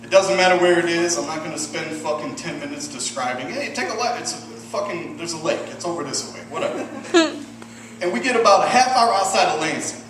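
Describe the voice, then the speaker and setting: A man in his thirties from Michigan doing a stand-up set, deadpan and profane with self-deprecating asides. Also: fairly high pitch, a little fast, noisy background. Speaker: stand-up comedian. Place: comedy club stage with audience. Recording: roomy distant club recording, loud ambience.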